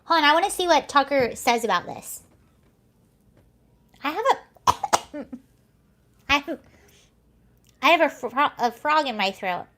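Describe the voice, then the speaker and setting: A woman's voice: high-pitched, expressive, slow, pauses often, sharp tone. A young woman hosting a casual livestream, talking in a chatty, rambling way and often correcting herself mid-sentence. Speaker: livestream host.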